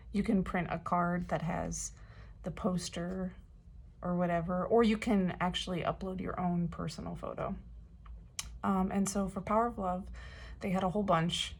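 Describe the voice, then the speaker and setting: A woman chatting casually as a fan vlogger, hoarse and losing her voice, with lots of fillers and soft laughs. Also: on the low side. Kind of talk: casual chat.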